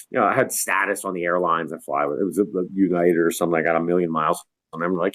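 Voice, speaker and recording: A man's voice: low-pitched, fairly even intonation, racing, fairly bright tone. A middle-aged man, a lighting designer and guest, telling a tour story in a casual way, acting out quotes and laughing often, over a video call from his home.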